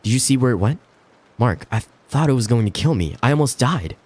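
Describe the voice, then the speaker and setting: A man's voice: on the low side, racing, slightly rough, pitched above the performer's own voice. A man reading a story aloud, voicing a terrified young wife who pleads frantically through tears. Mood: shaken.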